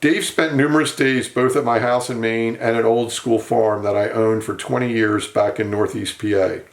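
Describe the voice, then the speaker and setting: A man narrating a tribute, telling steady, fond stories about an old friend. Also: medium pitch, moderate pace, roomy sound.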